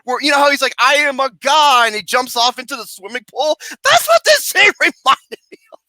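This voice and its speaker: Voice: high-pitched, huge pitch swings, brisk, sharp tone, no room sound. A movie reviewer ranting about a film in a comedic, profane way, mocking and sarcastic, swearing constantly and breaking into laughter.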